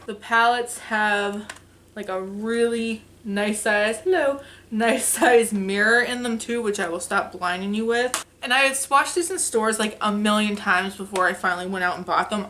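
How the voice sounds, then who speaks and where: A woman's voice: fairly high pitch, sharp tone, slight background noise. A young woman vlogger chatting casually and enthusiastically about makeup she bought, with lots of fillers. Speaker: beauty vlogger. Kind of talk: casual makeup haul chat.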